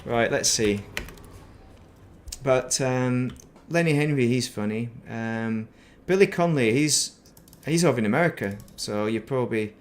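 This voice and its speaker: During a gaming stream, a middle-aged man rambles casually, recalling the past and talking to himself. He speaks unhurriedly in a medium-pitched voice, with slight background noise.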